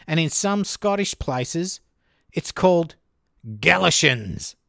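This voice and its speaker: A man's voice: on the high side, animated, takes it slowly, creaky, fairly bright tone, dry recording, studio quality. A man with an Australian accent hosting and narrating a true crime podcast in a conversational way, with joking asides. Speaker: podcast host.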